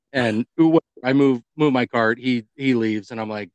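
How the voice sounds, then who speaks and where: With a clean, medium-pitched voice and a measured pace that leaves hardly any pauses, a man co-hosting a podcast narrates a story in easygoing chat. He animatedly acts out its people, and there's no room sound.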